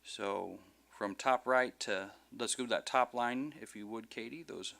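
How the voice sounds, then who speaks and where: A man's voice: mid-range voice, vocal fry, sharp tone. Patient man teaching a Hebrew class. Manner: patient, slow, repeats words for students.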